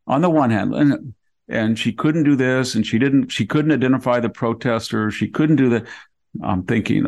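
A man's voice: mid-range voice, normal speed, a little mellow. An older man hosting a podcast, talking through long hypotheticals in conversational commentary. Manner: long hypotheticals, acts out quoted people. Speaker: podcast host.

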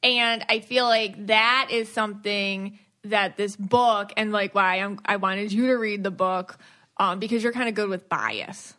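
A woman hosting a podcast about auras, chatting casually and teasing her co-host with quick laughs. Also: medium pitch, bright, forceful tone. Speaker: podcast host, aura reader.

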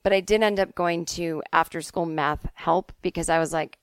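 A middle-aged woman from the Boston suburbs hosting a podcast, telling stories in a casual, animated way and swearing freely. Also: fairly low pitch, moderate pace, clean tone, no room sound, studio quality. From Boston suburbs, USA. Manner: chatty, animated, swears freely, acts out quotes. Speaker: podcast host answering listener emails. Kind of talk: casual comedic storytelling.

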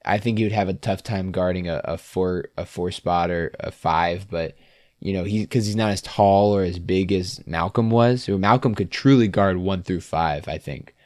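Deep-voiced man on a sports podcast. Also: moderate pace, dry recording, clean studio sound. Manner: relaxed, laughs often, trailing off. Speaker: podcast co-host. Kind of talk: casual sports podcast chat.

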